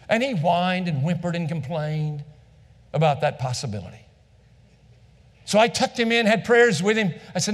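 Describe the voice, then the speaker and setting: Animated high-voiced preacher in echoing hall. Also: male voice, a little fast. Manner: animated, acts out dialogue, repeats phrases. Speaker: pastor. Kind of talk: storytelling sermon. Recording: long reverb of a large hall.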